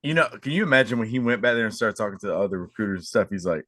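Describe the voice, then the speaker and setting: A man's voice: on the low side, lively intonation, rapid-fire, fairly bright tone. A man hosting a podcast, chatting casually and chiming in with questions and jokes. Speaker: podcast host. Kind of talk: casual interview chat.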